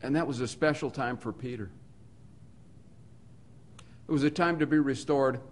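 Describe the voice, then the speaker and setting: A man preaching a sermon at a middle pitch, earnest and steady. He stacks repeated phrases to build emphasis. He drops to quiet, low passages, then rises to forceful ones. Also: normal speed. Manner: earnest, rhetorical repetition, swings between soft and emphatic.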